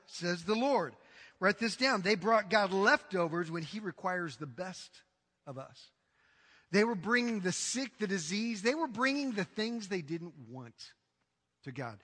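A male pastor delivers an emphatic, dramatic sermon in a high, ringing, bright voice. His words echo with a long reverb through a church hall. He often breaks into acted-out quotes.

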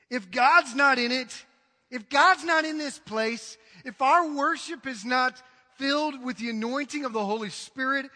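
High, bright-voiced preacher in a hall. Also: male voice. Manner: emphatic, dramatic preaching with acted-out quotes. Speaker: pastor. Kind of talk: sermon. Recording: reverberant hall.

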